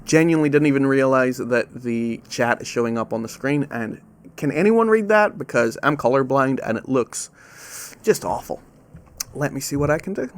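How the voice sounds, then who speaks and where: Hosting a live webcam trivia quiz from home, this man sounds animated with a medium-pitched voice. He's relaxed and self-deprecating, repeats the questions slowly, and stumbles over "ow" sounds.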